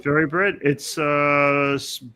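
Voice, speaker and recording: A man's voice: on the high side, little pitch movement, takes it slowly, sharp tone, clear, resonant tone. A man in casual chat, laughing as he explains slang. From Australia.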